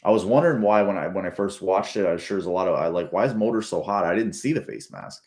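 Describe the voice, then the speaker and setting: A man with a low-pitched, slightly mellow voice talks fast as he rewatches a football game. The sports fan's commentary rambles, gets profane, and keeps restarting.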